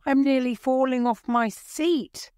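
A woman's voice: sits high, unhurried, darkish tone, clean tone, no room sound, clean studio sound, pitched above the performer's own voice. A woman voicing a grumpy, complaining male dormouse in a storybook. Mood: cross. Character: cross sleepy male dormouse.

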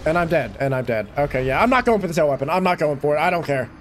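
Casual gameplay commentary from a young man, a bit high-pitched, cursing and yelling. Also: animated, fast, a little hiss or hum. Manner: swearing, frustrated outbursts and shouting. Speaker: gaming YouTuber.

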